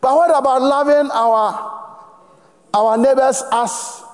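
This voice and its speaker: A man's voice: very high voice, fairly even intonation, slow. A man with a Ghanaian accent preaching a sermon emphatically, prompting the congregation to finish his phrases. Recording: long reverb of a large hall.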